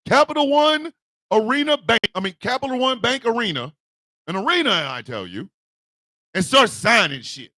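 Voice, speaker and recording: A man ranting comedically as a show host, loud and animated with shouted bursts. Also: very high voice, a little slow, long pauses, dry recording, clean studio sound. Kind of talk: comic rant.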